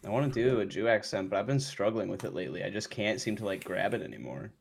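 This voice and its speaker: A man's voice: on the low side, quick pace, creaky, slight background noise. A man co-hosting a podcast, trading crude jokes in casual banter and laughing often. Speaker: podcast co-host.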